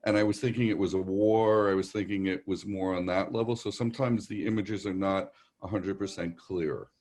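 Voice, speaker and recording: Low-voiced man with a New York accent. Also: steady tone, a little fast, a little mellow. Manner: rambling, reassuring, relays messages in quotes. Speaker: psychic medium. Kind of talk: live virtual show readings.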